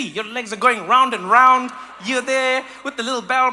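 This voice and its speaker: A man from South Africa doing animated stand-up comedy, slipping into mock voices. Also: very high-pitched, normal speed, few pauses.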